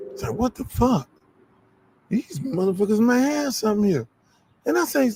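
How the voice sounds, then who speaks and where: A middle-aged man hosting his own show, telling casual stories in an animated, profane way. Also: very high-pitched, moderate pace, gravelly, long pauses, slightly rough, poor audio. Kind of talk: casual storytelling.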